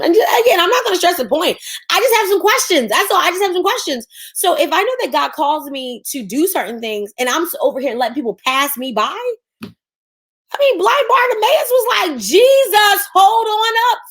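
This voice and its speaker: A woman's voice: sits high, big pitch swings, fairly quick. A woman business coach, teaching on a livestream in a sassy, preachy way and acting out mocking voices.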